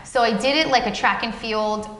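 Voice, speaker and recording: A woman's voice: on the high side, moderate pace, fairly bright tone. A woman guest in a casual interview, telling her story with animation and acting out the dialogue she quotes. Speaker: guest, parent of a child with epilepsy. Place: café. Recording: echoey, reverberant café room with faint background noise.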